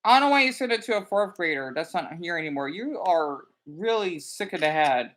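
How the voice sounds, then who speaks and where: Lively, high-voiced man live streaming. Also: brisk. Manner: rambling, animated, scolds trolls bluntly. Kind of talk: casual live-stream chat, answering chat.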